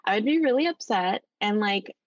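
A woman teacher talking casually as a podcast guest, chatty and full of fillers, lively when she retells her students' words. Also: mid-range voice, moderate pace, no room sound, lo-fi sound. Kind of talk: casual interview chat.

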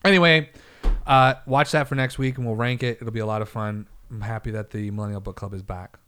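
Male podcast co-host, mid-pitched, playful and stubborn banter. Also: steady tone, fairly quick, a bit bright, smooth. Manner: joking, stubborn, teasing. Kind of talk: casual banter.

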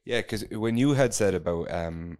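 A man's voice: fairly low pitch, moderate pace, a little mellow, clean tone. An Irish man telling a long story in casual chat, rambling, swearing freely and restarting his sentences.

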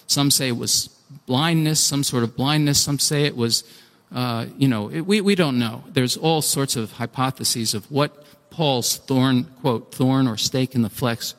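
A man preaching a sermon, animated and acting out pleas, with frequent restarts. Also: medium pitch. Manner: animated, acts out pleading voices, restarts often. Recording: long hall reverb.

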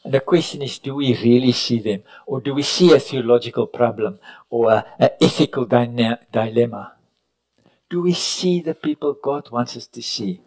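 A man preaching a sermon at a retreat, telling stories, rising to loud cries and dropping to near whispers, sometimes correcting himself mid-sentence. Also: mid-range voice, moderate pace, low-quality recording. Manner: preaching with sudden rises and hushed drops; storytelling with self-corrections. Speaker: pastor. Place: retreat meeting room.

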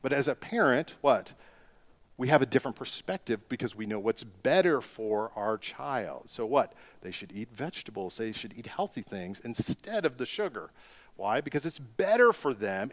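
A middle-aged man delivering a sermon as a pastor, asking rhetorical questions and rising into emphatic bursts. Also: medium pitch.

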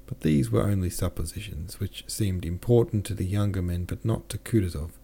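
A man's voice: low-pitched, fairly quick, creaky, dark tone, husky. A man hosting a podcast, reading a classic novel aloud with plain delivery and casual self-corrections and asides. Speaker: podcast host and audiobook reader.

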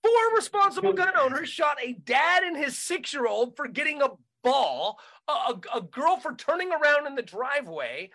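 A comedian co-host in casual podcast talk, animated and profane as he rants. His voice runs high and bright, with a sharp, forceful edge. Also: moderate pace.

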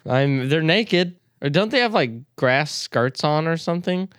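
A man's voice: fairly high pitch, animated, measured pace, fairly bright tone, no echo, studio quality. A man, co-hosting a podcast in crude, joking casual banter. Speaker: podcast co-host. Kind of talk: casual chat.

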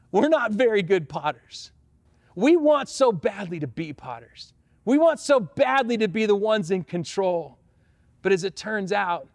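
A pastor telling a personal story in a sermon, lively at times and quiet and prayerful at others. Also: male voice, high-pitched, no room sound.

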